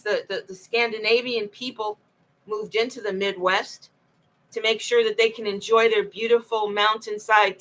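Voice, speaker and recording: Speaking at medium pitch with a bright, forceful tone, a woman comes through on poor audio. Her late-night monologue to camera is a solo, impassioned, wandering telling of her own story, and she often repeats herself.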